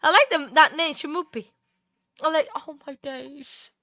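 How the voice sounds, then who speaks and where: Female streamer host, high bright voice, slow easy delivery, tearful and gushing with thanks. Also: dry recording, studio quality. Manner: emotional, tearful, laughs often, thanks viewers repeatedly. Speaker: livestream host. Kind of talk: casual livestream chat.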